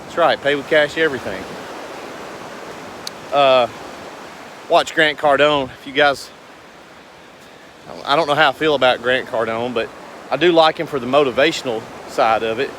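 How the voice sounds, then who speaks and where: With slight noise in the background, a man who owns a business and vlogs chats to camera in a mid-range, fairly bright voice. He speaks at a moderate pace and pauses often, rambling along in an earnest, folksy, casual way for his viewers.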